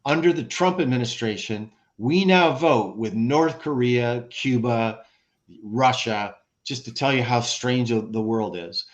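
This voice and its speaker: American man, podcast guest, animated explainer, restarts often, video-call sound. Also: mid-range voice, measured pace, highs cut off. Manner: animated, rhetorical questions, frequent restarts. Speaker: guest, former ambassador. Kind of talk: conversational expert commentary.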